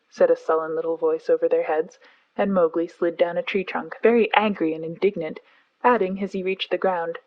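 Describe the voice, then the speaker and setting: A woman narrating a classic story aloud as a calm audiobook for sleep. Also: on the low side, moderate pace, highs cut off.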